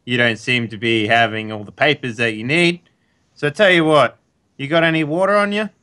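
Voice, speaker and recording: A man playing a tabletop game in character as a guard, gruff and blunt. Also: medium pitch, steady tone, a little fast, bright, forceful tone. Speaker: player. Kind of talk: in-character tabletop role-play.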